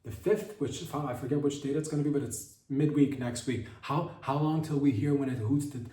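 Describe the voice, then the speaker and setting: A man hosting a podcast, riffing through an absurd comedic monologue in a deadpan, rambling way with many restarts. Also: medium pitch, a little fast. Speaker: podcast host. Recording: echoey room, distant from mic.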